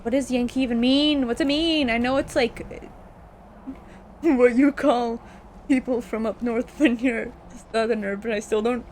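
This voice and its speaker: A woman's voice: fairly high pitch, steady tone, normal speed, darkish tone, slight background noise. Giggly young woman chatting on a game stream. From United States. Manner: giggly, rambling, breaks into frequent laughter. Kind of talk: casual chat while streaming a game.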